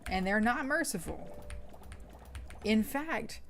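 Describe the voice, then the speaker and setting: A woman's voice: on the high side, lively intonation, slow pace, a bit bright, soft background music. A young woman from the States, chatting casually and rambling through stories while she plays a game as a streamer. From southern United States. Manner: chatty, rambling storyteller with frequent fillers. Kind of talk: casual chat while gaming.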